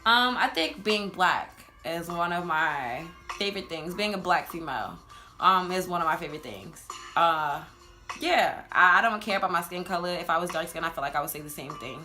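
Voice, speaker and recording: A woman's voice: lowish voice, animated, moderate pace, sharp tone, soft background music. A woman in her twenties with a New Jersey accent, chatting casually in a get-to-know-me video and laughing often. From Louisiana, raised in New Jersey. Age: 20s. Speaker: vlogger.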